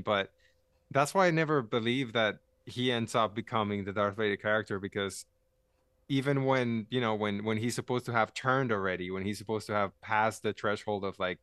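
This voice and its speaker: A man's voice: on the low side, fairly bright tone, clean tone, dry recording. A man in casual podcast chat, criticizing with frequent restarts and hesitations.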